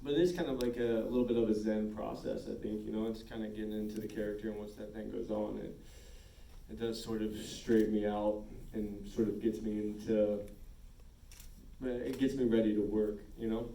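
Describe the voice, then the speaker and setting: A man with a low, mellow voice chats easily on stage and pokes fun at himself. He is heard from a distance in an echoing hall. Faint noise sits under him. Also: level tone, brisk, creaky. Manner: easygoing, self-deprecating. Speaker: actor on a panel. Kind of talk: panel conversation.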